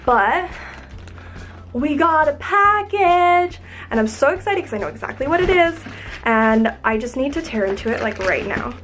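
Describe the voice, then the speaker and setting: A woman's voice: high voice, lively intonation, moderate pace, a bit bright, soft background music. A young woman, bubbly and gushing as she unboxes new shoes in a vlog. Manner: bubbly and gushing, lots of "oh my gosh". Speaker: YouTube vlogger.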